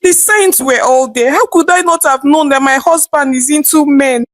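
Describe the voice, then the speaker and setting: A woman's voice: fairly high pitch, big pitch swings, normal speed, no echo. A woman voicing a bitter young wife who is fed up with her marriage. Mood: heartbroken.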